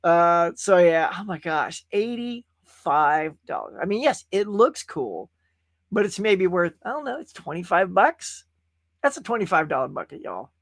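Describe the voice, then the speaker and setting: A man's voice: high voice, sing-song, a little slow, fairly bright tone, no room sound, studio quality. A man hosting a casual livestream show, chatting in a rambling way and reading viewer messages aloud. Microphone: webcam stream setup.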